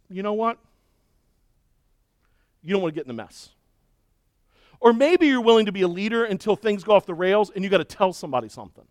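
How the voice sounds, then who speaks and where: A middle-aged man preaching a sermon and telling a story with lively, acted-out shouting and cheering. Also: high-pitched, dry recording, clean studio sound. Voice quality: balding. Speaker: pastor.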